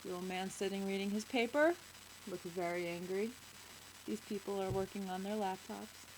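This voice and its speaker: A woman's voice: medium pitch, normal speed, slight background noise, low-quality recording. A woman hosting a children's show, reading a picture book aloud and chatting with kids, asking them questions.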